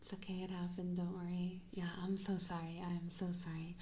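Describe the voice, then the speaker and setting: A woman chatting softly on an ASMR livestream, giggly and apologetic, into a binaural mic. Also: on the low side, flat delivery, a little fast, a little hiss or hum. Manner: soft-spoken, giggly and apologetic. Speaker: ASMR streamer. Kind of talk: casual ASMR livestream chat. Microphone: binaural dummy-head mic.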